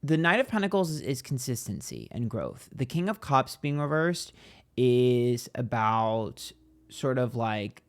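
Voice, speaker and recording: A man's voice: medium pitch, big pitch swings, a little slow. A man giving a casual psychic tarot reading, rambling and hesitant, turning emphatic and profane.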